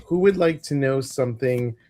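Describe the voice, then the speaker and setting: A man's voice: medium pitch, moderate pace, mellow, slight background noise. A middle-aged man hosting a live stream, chatting casually and jokingly and greeting viewers by name. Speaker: host.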